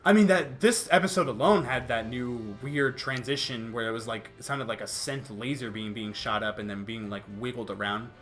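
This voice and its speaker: A young man hosting a casual chat, animated, tripping over restarts and laughing between points. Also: mid-range voice, moderate pace, few pauses, faint music behind. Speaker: youtube host.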